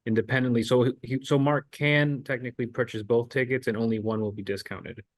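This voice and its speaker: A man's voice: mid-range voice, steady tone, brisk, no room sound. Man explaining, a bit hesitant. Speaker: class member. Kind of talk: casual question in an online class.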